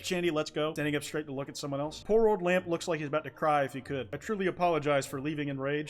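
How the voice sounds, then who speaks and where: A man reads a dating sim's lines out quickly, his voice sitting a little high. Between passages he bursts into loud, swearing reactions, with a sore throat wearing on him. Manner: loud profane outbursts between readings. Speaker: streamer. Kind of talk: reading a dating sim aloud with live reactions.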